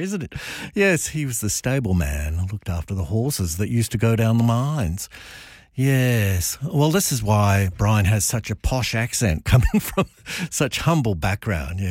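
Husky, low-voiced man chatting. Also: no room sound, studio quality. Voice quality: chuckles often and affirms himself with repeated "yes". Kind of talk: chatty music commentary.

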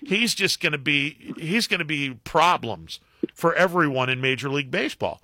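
A middle-aged former baseball broadcaster telling anecdotes as a guest, with halting restarts and acted-out quotes. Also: male voice, a little high, no echo, clean studio sound. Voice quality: halting, many restarts and fillers. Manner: acts out quotes in animated anecdotes. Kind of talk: casual phone-in storytelling.

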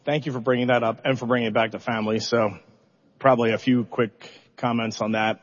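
Middle-aged male commander, animated storyteller, long hall reverb, dull lo-fi sound. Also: medium pitch, brisk. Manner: animated, self-deprecating, builds suspense. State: emotional, holding back tears. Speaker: mission commander. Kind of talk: press conference storytelling.

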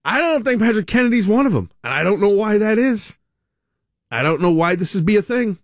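On a talk radio show, a male host rambles through a casual monologue with sardonic riffs, chuckling at his own jokes. He speaks fairly quickly in an animated voice that sits high. The recording is clean studio audio without echo.

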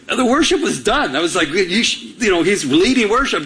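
A middle-aged man from Michigan, a pastor, preaching a sermon. His voice sits a little higher than most men's, and he tells his story with animation, acting out his own lines as he goes. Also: big pitch swings, brisk, few pauses, fairly bright tone.

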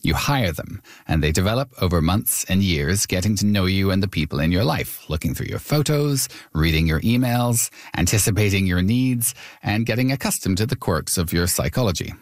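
A man's voice: deep voice, expressive, moderate pace, no room sound, studio quality. A man hosting a podcast, narrating and chatting in a wry conversational way. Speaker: podcast host. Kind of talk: scripted narration and chat.

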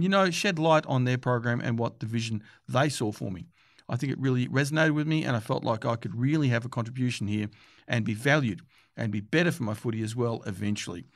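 A man reading sports news articles aloud in a steady way, with the odd filler. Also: medium pitch, no echo. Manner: steady read-aloud delivery with occasional fillers.

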